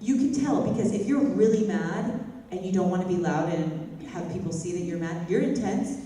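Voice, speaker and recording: A woman's voice: fairly low pitch, normal speed, mellow. A woman vocal coach teaching a worship singing class in a chatty way, breaking into sung phrases to demonstrate. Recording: echoey hall, mic from far off, faint noise.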